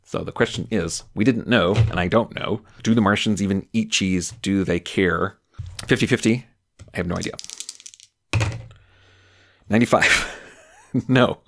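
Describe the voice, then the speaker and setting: A man's voice: on the low side, unhurried, pauses often. A man running a solo tabletop game, musing aloud with loose, filler-heavy narration. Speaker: game master.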